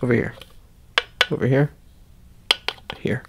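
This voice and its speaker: A man in a whispered role-play as an ASMR host, playful and rambling, drifting between a soft voice and whispers. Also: medium pitch, steady tone, slow, heavy background noise.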